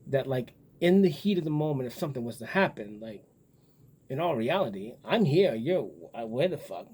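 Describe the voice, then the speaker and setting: Man, mid-pitched and husky; blunt, cussing vlog ramble. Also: very animated, moderate pace, darkish tone. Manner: profane, blunt and musing. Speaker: vlogger. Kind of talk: casual rambling monologue.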